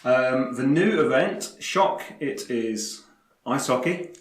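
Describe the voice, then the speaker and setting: A man's voice: mid-range voice, expressive, takes it slowly. A man hosting his podcast segment in casual chat, steering the others with dry asides. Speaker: podcast host this week. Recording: echoey room, faint noise.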